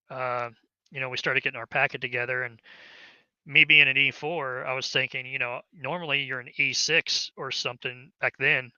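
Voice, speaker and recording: A middle-aged man with a very bright, crisp voice tells an army story, rambling and full of fillers and restarts. He acts out the dialogue he remembers. The sound is dry and a bit dull, as if from a close, lo-fi mic. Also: mid-range voice, no room sound. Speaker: veteran guest telling his story. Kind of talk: casual oral-history storytelling.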